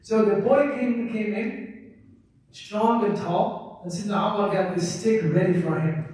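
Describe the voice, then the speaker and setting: A man's voice: sits high, fairly even intonation, measured pace, darkish tone. A man teaching a religious class, repeating points and often checking with "right?". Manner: repetitive, keeps asking "right?". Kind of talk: classroom lecture. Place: mosque hall. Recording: echoey room, distant mic.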